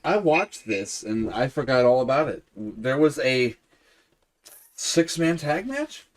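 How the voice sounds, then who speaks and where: رجل يقاطع ويخاطب المستمعين. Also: male voice, mid-range voice, big pitch swings, slow pace. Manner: chimes in, addresses listeners. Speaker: podcast co-host. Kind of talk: casual chat.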